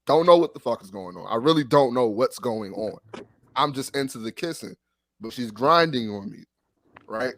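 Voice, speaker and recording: A man telling a long story in casual chat on a sports podcast, animated and profane, full of restarts. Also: mid-range voice, moderate pace, dry recording. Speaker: podcast co-host.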